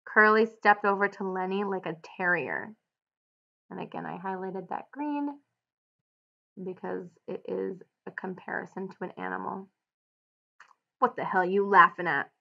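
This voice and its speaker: Teacher reading aloud with annotations. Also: female voice, mid-range voice, creaky, dull audio. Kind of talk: read-aloud with guided annotations.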